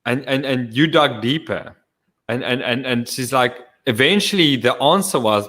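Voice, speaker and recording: A man's voice: medium pitch, animated, moderate pace, a bit bright. A man hosting a casual podcast chat, swearing freely and restarting words with stammers as he talks. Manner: profane, stammering restarts, laughs often. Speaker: podcast host. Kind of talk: casual chat over drinks.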